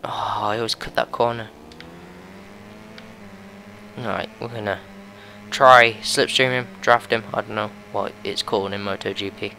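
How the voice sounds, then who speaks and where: Excitable gamer, bright voice. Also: male voice, on the low side, a little slow, vocal fry, long pauses, slight background noise. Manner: excitable play-by-play reactions. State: voice going hoarse. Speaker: gaming video host. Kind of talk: racing game commentary.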